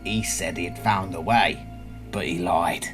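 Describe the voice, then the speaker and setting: A bitter male alien parasite in a human body, as a man reads him out, talking in a Cockney accent. He speaks low and hushed, with a seething, grieving edge. The voice sits deeper than the reader's own. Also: steady tone, a little slow, soft background music. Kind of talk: dramatic reading of a book passage.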